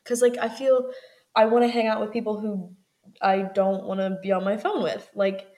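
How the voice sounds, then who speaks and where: A young woman co-hosting a podcast in relaxed, casual chat. She talks in loose run-on thoughts, leans on "like" constantly and breaks into laughter now and then. Her pitch sits right in the middle for a woman. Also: normal speed. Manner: chatty, frequent "like", laughs often. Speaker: podcast co-host.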